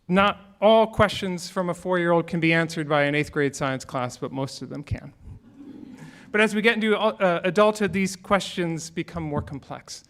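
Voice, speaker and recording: Male minister, fairly high voice, relaxed conversational sermon with humor. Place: church sanctuary.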